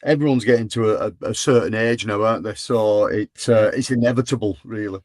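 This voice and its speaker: A man's voice: on the low side, brisk, a little mellow, no room sound. Laid-back northern English man. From England. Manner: laid-back, brief replies, occasional swearing. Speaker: guest co-host. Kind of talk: casual live-stream chat. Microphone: remote video-call stream mic.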